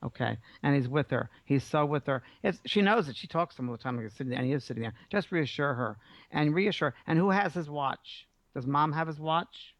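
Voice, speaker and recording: A man hosting a radio call-in show as a psychic medium, giving a caller warm, reassuring messages. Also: on the high side, expressive, a little fast, dry recording. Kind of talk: call-in reading. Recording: dull lo-fi broadcast audio.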